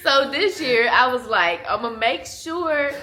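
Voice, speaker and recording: Chatty young mom telling stories. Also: female voice, high-pitched, very animated, a little slow, bright, forceful tone. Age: 20s. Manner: chatty and candid, laughing often, addressing viewers as y'all. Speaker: vlogger, mother. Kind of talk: casual chat to camera. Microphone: small handheld camera.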